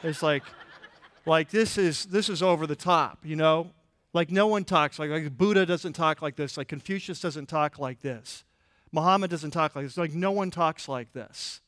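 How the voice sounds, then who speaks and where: A man preaching a sermon in a church, conversational and animated, with frequent restarts and filler words. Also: fairly high pitch, normal speed, dry recording. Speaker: pastor.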